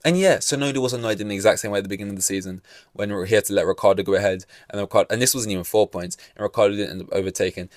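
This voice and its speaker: A man's voice: low-pitched, no echo, clean studio sound. A young man hosting a podcast, ranting casually and sarcastically, swearing freely. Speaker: podcast host. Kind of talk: casual solo podcast commentary.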